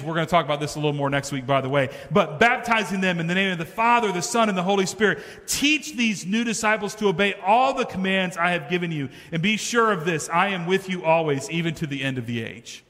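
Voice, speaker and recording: A pastor preaching in a church sanctuary, his high, bright voice ringing through a long hall reverb. He talks to the room in a conversational way and pushes his points with rising emphasis. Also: animated, fast, hardly any pauses. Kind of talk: sermon.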